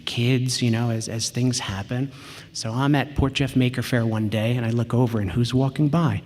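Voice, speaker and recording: A man's voice: mid-range voice, darkish tone. A man giving a conference talk, telling a personal story in a chatty way with frequent ums and quoted asides. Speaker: conference speaker. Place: large auditorium. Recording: long reverb of a large hall.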